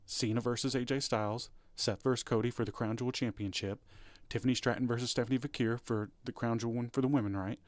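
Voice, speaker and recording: A man's voice: mid-range voice, steady tone, fast talker, dry recording. A man co-hosting a podcast, talking casually and rambling, with restarts and fillers. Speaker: podcast co-host. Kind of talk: casual chat.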